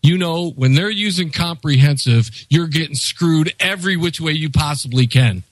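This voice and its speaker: A man's voice: a little high, moderate pace, no room sound, low-quality recording. An American man co-hosting a casual political chat, exasperated and ranting. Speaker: podcast co-host.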